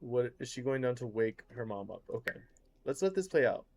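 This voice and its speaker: A woman's voice: a bass voice, sing-song, brisk, darkish tone. A woman streamer giving casual, chatty gameplay commentary, reacting aloud and repeating phrases as she plays.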